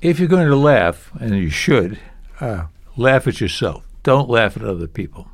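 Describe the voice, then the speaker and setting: A man's voice: medium pitch, animated, moderate pace. A man giving preaching advice in a podcast conversation, chuckling between points. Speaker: preaching teacher.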